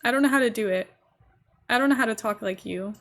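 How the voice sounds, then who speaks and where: A woman's voice: on the high side, quick pace, a bit bright. A young woman with a posh English accent, chatting casually and giggling as she streams a game. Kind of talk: casual live-stream chat while gaming.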